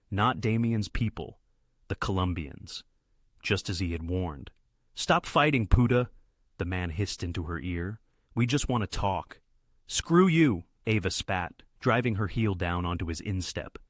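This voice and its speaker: Low-voiced man narrating a story. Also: dry recording, clean studio sound.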